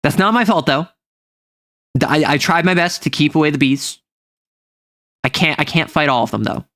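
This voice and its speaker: A man's voice: a little high, animated, normal speed, fairly bright tone, dry recording, studio quality. A man streaming live, joking around in a goofy, playful way and swinging into mock drama. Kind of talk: joking livestream chat.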